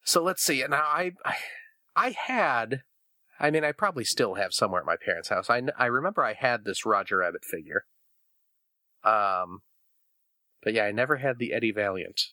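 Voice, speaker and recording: A man in his thirties co-hosting a casual podcast chat, animated and jokey, laughing often. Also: mid-range voice, moderate pace, long pauses, no room sound. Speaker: podcast co-host.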